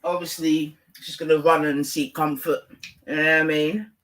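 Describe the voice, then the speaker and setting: A man's voice: on the high side, level tone, moderate pace, fairly bright tone. Slangy man on a distant mic. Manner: slangy, rambling gossip. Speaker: livestream host. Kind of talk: casual livestream chat.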